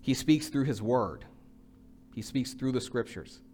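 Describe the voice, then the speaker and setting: A man's voice: medium pitch, lively intonation, a little slow, darkish tone, slight background noise. A middle-aged man preaching a sermon in a conversational way, acting out quoted lines with a rising voice. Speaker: pastor.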